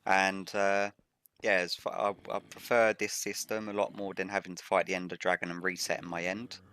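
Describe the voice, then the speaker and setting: A man hosting a game Let's Play with a rough morning voice, explaining each step methodically as he plays. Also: sits low, fairly bright tone, a little hiss or hum. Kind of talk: gameplay commentary.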